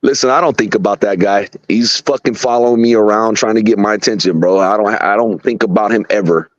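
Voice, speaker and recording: A man's voice: lowish voice, brisk, no echo, highs cut off. Blunt, profane man in casual chat. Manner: blunt, profane street talk. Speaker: guest on a live stream show.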